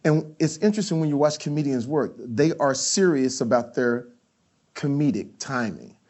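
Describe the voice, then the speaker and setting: Animated man telling stories. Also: mid-range voice, moderate pace. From Texas. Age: 50s. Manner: animated, acting out scenes, many restarts. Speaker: guest. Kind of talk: casual interview storytelling.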